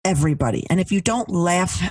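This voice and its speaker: A woman's voice: lowish voice, fairly quick, slightly rough, no echo. A middle-aged woman co-hosting a podcast, telling stories in casual chat and acting out what people said. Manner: animated storyteller, acting out quotes. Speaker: podcast co-host. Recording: dry, mic a bit distant.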